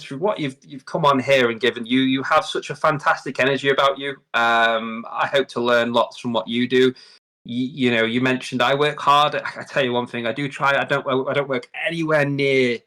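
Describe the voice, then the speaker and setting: A man's voice: mid-range voice, bright, forceful tone. A man hosting a live stream, chatting casually and effusively, often repeating words as he talks. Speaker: host. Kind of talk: casual livestream chat.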